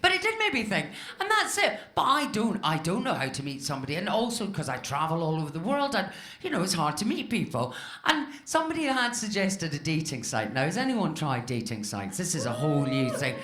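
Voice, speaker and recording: A woman in her fifties from Scotland works a club crowd with a stand-up set, her pitch swinging up and down as she chats. She is chatty and self-mocking, and the echoey room carries bursts of audience laughter behind her. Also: big pitch swings, brisk, fairly bright tone. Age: 50s. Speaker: stand-up comedian. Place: comedy club stage.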